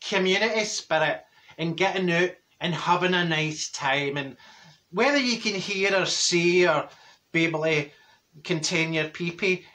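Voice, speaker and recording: A man's voice: fairly high pitch, bright, forceful tone. A man playing a cheeky, blunt older woman from Glasgow with a Glaswegian accent, rambling through a gossipy comic monologue and laughing at his own jokes.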